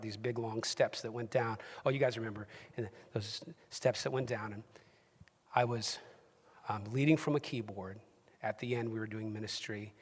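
Man, pastor, sermon, loud to whispered delivery, reverberant hall. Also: medium pitch. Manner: dramatic swings from loud, shouted emphasis to hushed whispers. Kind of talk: sermon storytelling.

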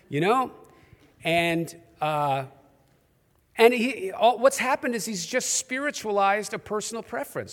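High-voiced pastor preaching in a reverberant hall. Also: male voice. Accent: New York. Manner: humorous, conversational storytelling. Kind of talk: sermon. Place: church auditorium.

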